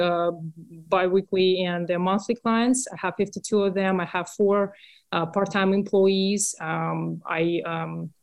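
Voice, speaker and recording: A woman with a Russian accent, a small-business owner speaking candidly and a little hesitantly as a podcast guest. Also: medium pitch. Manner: earnest, candid, slightly hesitant. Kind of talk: podcast interview.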